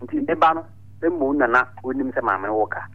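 An older man calling in to a radio show, explaining his advice at length in short, steady phrases. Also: mid-range voice, quick pace. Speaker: radio caller giving advice. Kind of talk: advice over the phone. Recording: tinny phone line.

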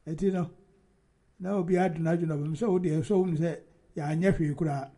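A man hosting a casual football chat, animated and laughing often, talking over his co-host. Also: on the high side, fast talker.

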